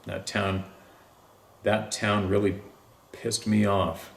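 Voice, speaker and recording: A man reading a first-person encounter story aloud in a slow, deliberate way with drawn-out pauses. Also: on the low side, level tone, vocal fry, echoey room. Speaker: story narrator.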